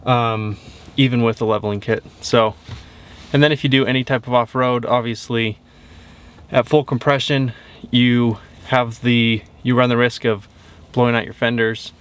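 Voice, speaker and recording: A man's voice: mid-range voice, level tone, normal speed, smooth. A man giving a casual, upbeat walkaround of a truck in a vlog, with frequent fillers. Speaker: truck reviewer. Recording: windy outdoor noise.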